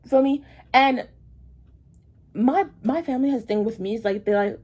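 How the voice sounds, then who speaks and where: A woman's voice: mid-range voice, brisk, darkish tone, husky. A woman telling a story to camera while getting ready, chatty and rambling, repeating herself for emphasis as she vents her frustration. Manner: frustrated, venting. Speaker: vlogger.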